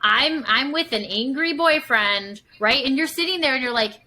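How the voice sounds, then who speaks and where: A woman's voice: sits high, animated, moderate pace, bright, forceful tone, rough recording. A woman psychotherapist talking casually as a podcast guest, full of fillers and acting out examples as she explains. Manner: chatty, many fillers, acts out examples.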